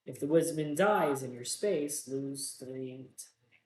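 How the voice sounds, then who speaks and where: A man's voice: mid-range voice, takes it slowly, a little mellow. A man casually playing a solo tabletop game, reading gruesome card stories aloud and joking at his own bad luck, in a roomy, echoey room. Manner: self-mocking, groans about bad dice rolls. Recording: roomy echo.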